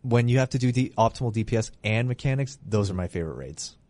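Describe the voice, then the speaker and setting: A man's voice: medium pitch, expressive, quick pace, darkish tone, no echo. A man hosting a casual gaming podcast, talking enthusiastically and rambling with restarts. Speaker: podcast host.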